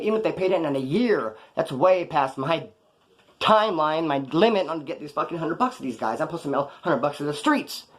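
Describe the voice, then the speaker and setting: Man, former inmate, brisk streetwise storyteller with a raised voice, blunt and profane. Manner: animated, jumps in pitch for emphasis. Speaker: former prisoner telling his story. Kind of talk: casual first-person storytelling.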